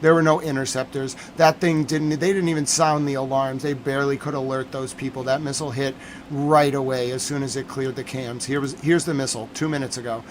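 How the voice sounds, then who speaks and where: A man's voice: medium pitch, little pitch movement, brisk, a little hiss or hum. A man giving live-streamed commentary on breaking news, agitated and emphatic, repeating his points.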